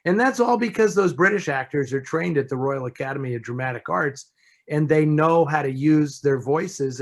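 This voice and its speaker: A man answering listener questions as a film expert in a relaxed, conversational way, often restarting and saying "you know". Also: fairly high pitch, creaky. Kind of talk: casual chat.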